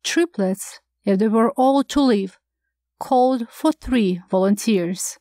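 A woman narrating a science fiction audiobook in a measured, even reading. Her voice sits fairly high and the close mic is very dry. The reading is steady and scripted. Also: no room sound.

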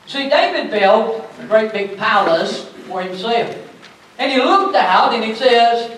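A man pastor preaching a sermon in a church, building to loud emphatic bursts. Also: very high voice, lively intonation, a little slow. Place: church sanctuary. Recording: very echoey church from far off.

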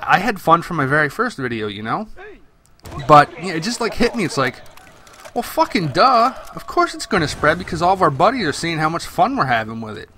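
A man talking over his gameplay in a loose, rambling commentary, cursing casually as he muses. His voice is bright and sharp, sitting a bit higher than most men's. A faint hum of room ambience sits behind him. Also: sing-song, fairly quick. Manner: rambling and chatty, swears freely. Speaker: gaming commentator.

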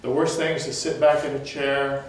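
A man's voice: medium pitch, little pitch movement, normal speed, slight background noise. A man leading a choral workshop, explaining breathing and vocal technique with frequent restarts and light self-deprecating humor. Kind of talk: hands-on vocal technique lecture. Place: large echoey room, recorded from far off. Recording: very echoey room audio from a distant mic.

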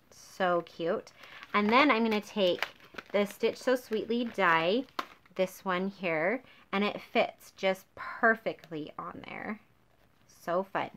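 A woman's voice: medium pitch, sharp tone. An upbeat woman demonstrating card making in a tutorial, gushing over her favorite supplies. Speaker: craft demonstrator.

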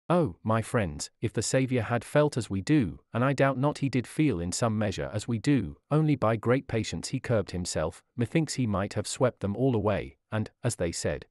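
A man preaches in an earnest, rhetorical, old-fashioned way, his pitch rising and falling with feeling. The sound is close and dry, with no room echo at all. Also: darkish tone. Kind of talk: sermon reading.

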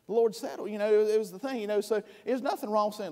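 A man's voice: high voice, quick pace, few pauses, dark tone. Folksy man preaching in a reverberant church. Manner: folksy, conversational preaching with many restarts. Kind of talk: sermon. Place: church sanctuary.

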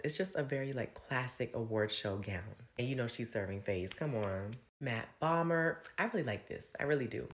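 A young man talks through red carpet outfits in a chatty, gushing way, sprinkling "like" through nearly every sentence. His voice sits at an ordinary middle pitch, and his delivery is that of a casual fashion commentator. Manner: gushing, chatty, heavy use of "like".

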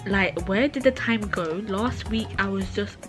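A woman's voice: medium pitch, a little slow. A woman, chatting casually to camera in a playful, teasing, self-mocking way. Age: early 20s. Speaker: vlogger. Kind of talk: casual vlog chat to camera. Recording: background music clearly audible.

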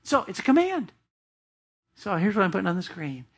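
A woman's voice: mid-range voice, very animated, a little fast, husky. Emphatic woman pastor preaching. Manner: emphatic, with rhetorical questions to the congregation. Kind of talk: sermon. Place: church.

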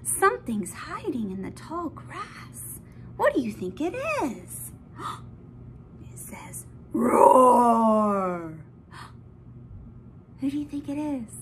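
Slow, sing-song woman reading to a baby. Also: high-pitched, sing-song, fairly bright tone, slight background noise. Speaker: children's story time host. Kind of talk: reading a picture book to a baby.

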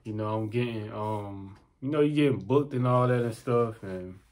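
A man's voice: fairly low pitch, normal speed. Slangy young man telling a story. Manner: animated, slangy, repeats himself. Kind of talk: casual storytelling.

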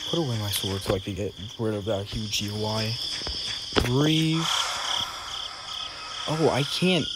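A young man giving casual, excitable gameplay commentary, talking to himself in slang as he plays. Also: on the low side, slow, heavy background noise. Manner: excitable, talks to himself while playing, slangy. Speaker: gaming video creator. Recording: loud game music behind the voice.

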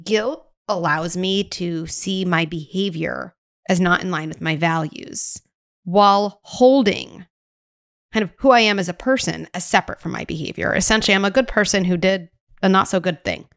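Lower-voiced woman podcast host. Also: no echo, studio quality. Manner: measured, affirming, explaining ideas calmly. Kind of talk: podcast interview.

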